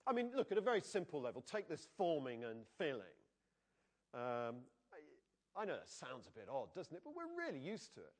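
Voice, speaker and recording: A man with a somewhat high voice preaches a church sermon at normal speed. He keeps things conversational and animated, often turning questions toward the congregation.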